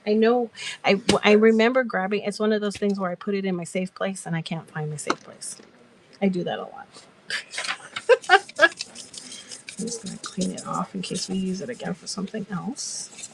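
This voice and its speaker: A woman's voice: medium pitch, normal speed, creaky, long pauses, background noise. A woman hosting a casual crafting chat, telling stories in a giggly, rambling way. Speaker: crafter and live-selling host.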